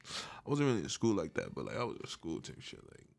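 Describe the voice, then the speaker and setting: Casting: man putting on a stoned young New Yorker, low gravelly mumbling drawl. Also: huge pitch swings, fairly quick, darkish tone, full character voice. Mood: rambling. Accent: New York.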